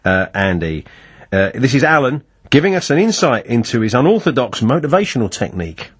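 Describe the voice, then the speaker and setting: Wry radio host, husky voice. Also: male voice, mid-range voice, big pitch swings, a little fast, no echo, clean studio sound. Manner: wry, teasing. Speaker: radio sports show host. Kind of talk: jokey radio banter. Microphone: studio microphone.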